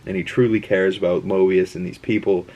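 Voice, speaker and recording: A man's voice: sits low, little pitch movement, a little fast, lo-fi sound. A man hosting a casual episode breakdown, rambling and chatty with frequent restarts and asides. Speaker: host.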